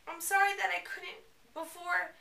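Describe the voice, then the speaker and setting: Desperate teen girl, a woman doing her high and breathless, bright tone, roomy sound a step off the mic. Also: little pitch movement, moderate pace, creaky, far from the mic, full character voice. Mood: pleading. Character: distraught teenage girl pleading with a friend.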